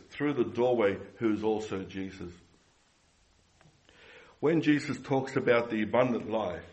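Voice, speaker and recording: Male preacher with a low voice, earnest sermon delivery, frequent restarts and repeated lines. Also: highs cut off.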